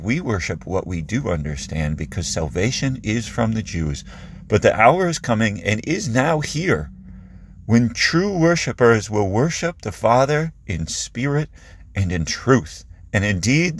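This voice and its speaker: A man voicing Jesus as a calm teacher, speaking his lines in a solemn, measured way. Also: fairly low pitch, husky, pitched above the performer's own voice, heavily acted.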